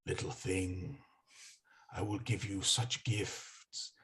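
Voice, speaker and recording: Brief: a man as a rich, friendly-sounding tempter spirit, low, soft and husky, drawn-out words. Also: steady tone, exaggerated voice. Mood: coaxing. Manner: slow, low, coaxing murmur. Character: tempting, rich-voiced spirit speaking in the head.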